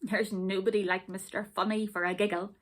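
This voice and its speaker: A woman's voice: medium pitch, little pitch movement, a little fast, close to an everyday voice. A woman voicing a cheerful, kindly little man in a storybook, cheery and bouncy.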